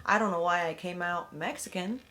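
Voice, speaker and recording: A woman's voice: on the low side, fairly quick, pushed and bright. A woman stand-up comedian talking casually in an interview, wry and self-deprecating.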